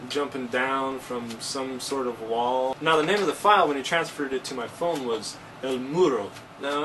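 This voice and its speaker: Man, casual vlogger, joking and animated, fairly high voice, off-mic with faint room noise. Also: far from the mic. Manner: joking, animated, with sudden pitch jumps. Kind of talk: casual vlog monologue.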